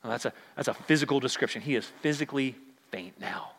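A man's voice: medium pitch, rapid-fire, fairly bright tone, in a large hall. A male pastor preaching a sermon in a conversational, emphatic way in a church.

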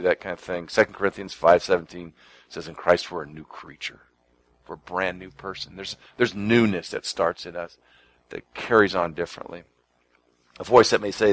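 A man's voice: sits low, normal speed, poor audio. Man preaching in a conversational voice. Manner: conversational preaching, repeats words, quotes scripture; shifts from soft near-whispers to emphatic lines. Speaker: pastor. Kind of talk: sermon.

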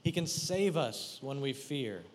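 A man preaching a sermon, leading his congregation through a guided imagining, talking to them directly in an animated, playful way. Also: medium pitch, a little slow, long reverb tail, a little hiss or hum.

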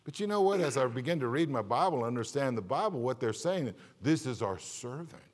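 A man's voice: medium pitch, lively intonation, fast, long reverb tail. A man preaching a sermon as a Baptist pastor, impassioned, asking the congregation rhetorical questions and building to emphatic peaks.

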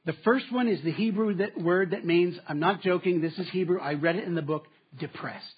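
A man preaching a sermon, moving between strong statements and quiet asides. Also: high voice, fairly quick, slightly rough. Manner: dynamic preaching, dropping to quiet asides with laughs. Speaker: pastor. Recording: slightly dull, muffled sound.

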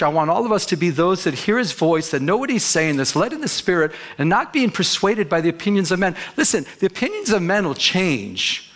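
A man's voice: high-pitched, a bit bright. Emphatic preaching pastor, man. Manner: emphatic preaching, repeats phrases, acts out quoted people. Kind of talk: sermon.

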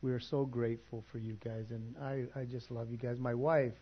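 A middle-aged man preaching to his congregation, telling a story with animated quoted voices before moving into prayer and announcements. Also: mid-range voice, brisk, husky, lo-fi sound. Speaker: pastor. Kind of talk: sermon. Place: church.

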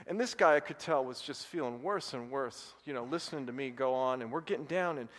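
A male pastor preaching a sermon, telling a personal story and rising to loud, excited bursts. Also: medium pitch, fairly quick. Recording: long hall reverb.

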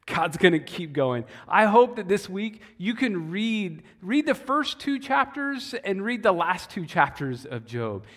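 Male pastor, sermon, unhurried, expressive pitch, hall echo. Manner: animated, conversational, repeats words. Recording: long hall reverb.

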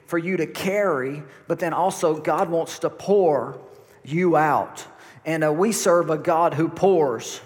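A man, preaching a folksy sermon to his congregation and repeating words as he goes. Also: fairly high pitch. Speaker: pastor. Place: church hall. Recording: long reverb of a church hall.

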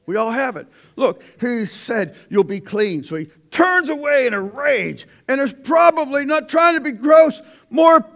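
A man preaching a conversational sermon, swinging between loud outbursts and hushed asides. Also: very high voice, lively intonation, measured pace, few pauses. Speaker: pastor.

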